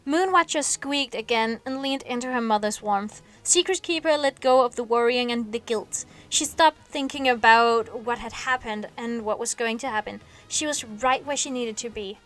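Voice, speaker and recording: A woman reading a novel aloud on a stream, sleepy and yawning, with expressive delivery and small slips she corrects. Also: fairly high pitch, normal speed, hardly any pauses, faint music behind.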